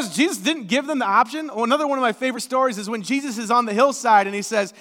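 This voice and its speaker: A male pastor preaching a sermon in a church, talking conversationally and moving between hushed and emphatic delivery. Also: very high-pitched, quick pace, few pauses. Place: church sanctuary. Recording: long reverb of a church sanctuary.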